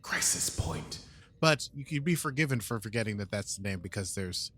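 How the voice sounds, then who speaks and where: A man's voice: lowish voice, lively intonation, fast talker, a bit bright. A man with a British accent co-hosting a casual podcast, recapping episodes in a playful, rambling way. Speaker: podcast co-host. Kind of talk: casual chat.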